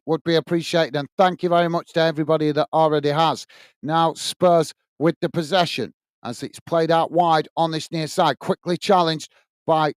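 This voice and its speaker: A man with a slightly high voice and a clean tone, with no room sound, runs a live match watch-along. He calls the play blow by blow and gives chat shout-outs by name in between.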